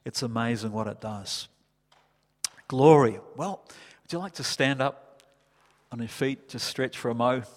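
Impassioned New pastor in a reverberant hall. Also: male voice, mid-range voice, a little slow, pauses often. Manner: impassioned preaching, builds to loud climaxes. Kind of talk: sermon. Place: church hall.

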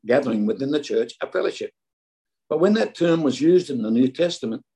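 A man's voice: medium pitch, gravelly, dark tone, low-quality recording. A middle-aged Australian man preaching a sermon in a conversational, anecdotal way, often stumbling and restarting words.

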